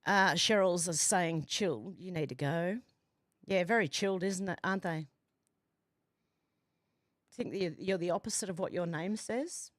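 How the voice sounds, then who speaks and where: A woman's voice: on the low side, unhurried, long pauses, dry recording, clean studio sound. A woman hosting a casual livestream from home, reading viewer comments aloud in a chatty, amused way. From Australia. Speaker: livestream host reading chat. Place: home, doors and windows open.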